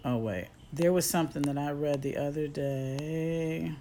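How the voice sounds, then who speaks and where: A woman's voice: sits low, a little slow, warm tone, a little hiss or hum. A woman life coach giving a motivational livestream talk from her phone. She speaks conversationally but with a preachy edge and talks straight to her listeners. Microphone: phone on a live stream.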